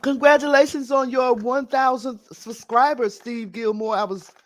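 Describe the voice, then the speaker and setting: A man with a fairly high voice hosts a casual live stream, chatting to viewers. He rambles a bit and sounds scattered as he works on his setup. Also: steady tone, normal speed, a little hiss or hum. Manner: scattered and chatty, talking to viewers while fixing audio. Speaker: live stream podcast host.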